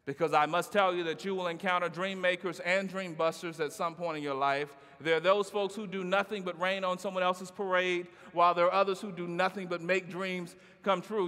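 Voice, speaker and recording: High-pitched, bright, and forceful, a middle-aged man delivers a motivational keynote in a big conference hall, where long reverb trails his words. His rhythm is playful, built on call-and-response and lighthearted asides.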